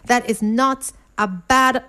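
A woman's voice: on the high side, takes it slowly, pushed and bright. A woman hosting a radio quiz, reading listeners' answers in a playful, rhyming patter.

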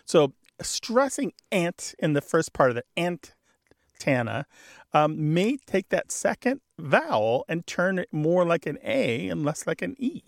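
Lively, dry-sounding radio host, man. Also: a little high, a little slow, vocal fry, few pauses, dry recording. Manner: explanatory, good-humored, scholarly. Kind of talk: radio call-in talk. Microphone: studio microphone.

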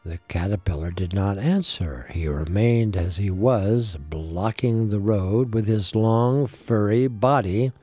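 A man telling a folk tale in storybook narration, animated and voicing the characters. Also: on the low side, slow, hardly any pauses, husky, soft background music. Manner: animated, voices the characters, asides to a listener.

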